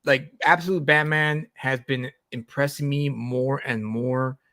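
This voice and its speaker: A man's voice: medium pitch, steady tone, unhurried, pushed and bright. A man hosts a casual live stream chat in an ordinary middle-range voice. He talks loosely, with fillers, restarts and easy laughs. The sound is dry and close, with no room echo. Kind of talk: casual chat about comics.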